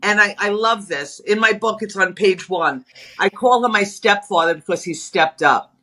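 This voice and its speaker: A middle-aged woman, talking as a guest in a casual interview. She tells stories in a brash, animated way and acts out what people said. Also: medium pitch, moderate pace. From Long Island, New York. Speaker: guest, spiritualist author.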